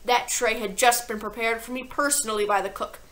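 A woman voicing a tyrannical, bullying headmistress who barks slow, scornful insults. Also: on the high side, fairly even intonation, a bit bright, natural voice, low-quality recording. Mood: furious. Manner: barking, scornful, drawn-out insults.

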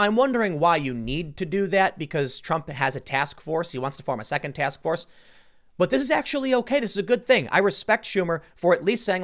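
Animated man in political commentary. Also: on the high side. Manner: animated, incredulous, rambling with restarts.

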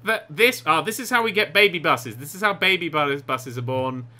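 A young man giving excitable, giggly let's play commentary on a game, with sarcastic asides. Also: fairly high pitch, moderate pace. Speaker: gaming YouTuber.

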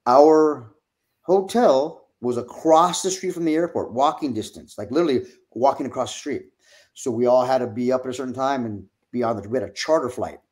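Middle-aged male guest, lively storyteller who swears and laughs, streaming mic. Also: mid-range voice, brisk. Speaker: wrestling guest. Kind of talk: casual storytelling.

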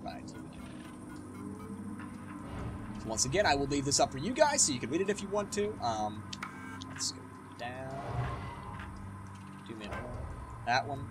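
A young man doing let's play commentary, sarcastic and excitable, swearing freely. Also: medium pitch, normal speed, long pauses. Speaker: gaming YouTuber. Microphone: webcam setup. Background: game music and sounds.

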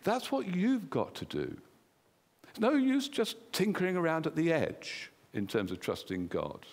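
A man's voice: fairly high pitch, huge pitch swings, unhurried, a little mellow. A man with an English accent preaching a sermon in a church, earnestly putting questions to the congregation. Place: church hall. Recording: long hall reverb.

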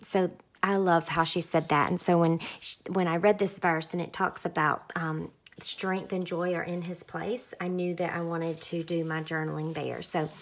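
Chatty young woman, lowish voice. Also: a little hiss or hum. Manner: chatty, relaxed, lots of fillers. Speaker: craft vlogger. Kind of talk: casual narrated craft tutorial.

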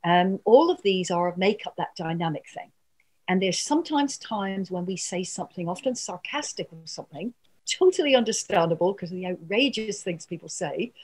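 A woman's voice: on the low side, breathy edge. A woman communication trainer giving an earnest, coaching workshop talk. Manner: earnest, coaching, frequent asides and laughs.

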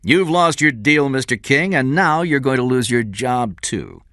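A man's voice: mid-range voice, expressive, a little slow, pushed and bright, no echo, clean studio sound, pitched above the performer's own voice. A man voicing a smug corporate boss. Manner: smug, condescending. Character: smug powerful male company boss, middle-aged.

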